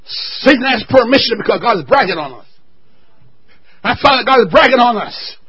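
A male pastor preaching a sermon. He cries out and shouts at his climaxes and whoops, then drops to quiet joking asides. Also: very high voice, very animated, normal speed, highs cut off, crowd noise.

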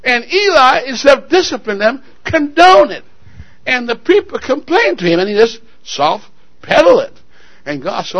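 A man's voice: very high-pitched, sing-song, moderate pace, dull audio. A male pastor preaching a sermon, telling a story dramatically and calling out to the congregation. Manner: dramatic storytelling, call-and-response.

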